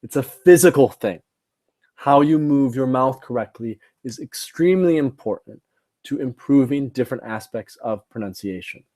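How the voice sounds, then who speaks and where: A man's voice: medium pitch, normal speed, warm tone. Man teaching in a live class. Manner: instructive, repeats points, asks "right?" and "okay?". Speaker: TOEFL teacher. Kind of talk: live online class lesson.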